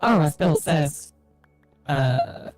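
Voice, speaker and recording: A woman reading live chat messages aloud on a livestream in an unhurried way. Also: deep voice, animated, over music, poor audio. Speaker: chat reader.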